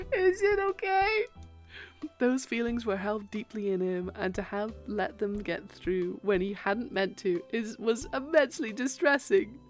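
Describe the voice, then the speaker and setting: A woman streamer reading a dating game aloud and reacting, excitable, squealing and laughing often. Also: mid-range voice. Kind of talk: live game read-along and commentary.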